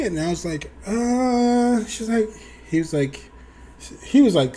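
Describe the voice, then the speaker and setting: This is a young man spinning a casual story for his viewers, his pitch leaping all over as he acts out the other people. His voice sits a little high for a man. He swears freely and keeps the telling loose. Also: animated, normal speed, darkish tone. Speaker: storyteller vlogger.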